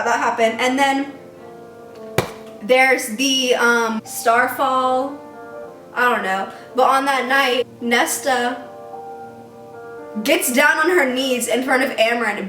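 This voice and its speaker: A woman giving a casual, rambling book review rant, excitedly retelling scenes with lots of "like". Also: sits high, takes it slowly, faint music behind. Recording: echoey room.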